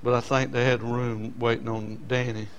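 A man's voice: medium pitch, flat delivery, moderate pace, highs cut off, a little hiss or hum. A man preaching a sermon, telling personal stories in a folksy way and building to emotional peaks.

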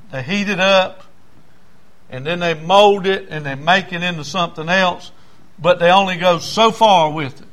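A man's voice: high-pitched, a bit bright. A man preaching a sermon in a folksy, storytelling way. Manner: folksy, storytelling, acts out voices in anecdotes.

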